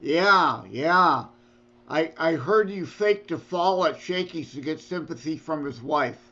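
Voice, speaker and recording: A man's voice: a little high, slow, bright, forceful tone, highs cut off. A man co-hosting a podcast in casual chat, poking fun with teasing jokes. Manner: teasing, joking jabs. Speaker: podcast co-host.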